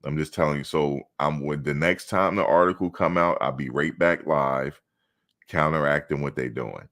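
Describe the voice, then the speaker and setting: Very deep-voiced, blunt man hosting a stream. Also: normal speed, a bit bright. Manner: blunt, outspoken, swears freely. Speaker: live stream host. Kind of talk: casual live stream commentary.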